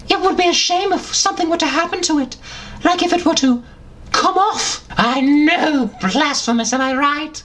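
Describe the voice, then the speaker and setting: A man voicing a squeaky, unhinged male house elf who rants about himself in a high, shrill voice. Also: a bit bright, poor audio. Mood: smarmy. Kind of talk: comedic character voice.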